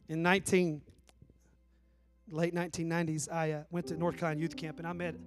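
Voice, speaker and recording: A man's voice: a little high, little pitch movement, normal speed, pauses often, faint music behind. A man, preaching a sermon in a folksy, joking storytelling way. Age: 40s. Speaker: pastor. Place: church.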